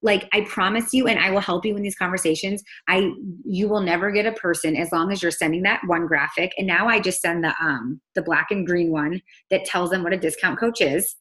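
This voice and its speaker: A young woman coaching a teammate over a call, talking fast and emphatically, full of "like" and acted-out quotes. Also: fairly low pitch, a bit bright.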